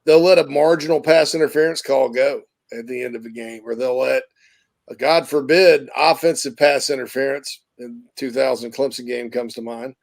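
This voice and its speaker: A man's voice: medium pitch, steady tone, moderate pace, creaky. A man hosting a casual sports talk show, rambling and thoughtful, correcting himself as he goes.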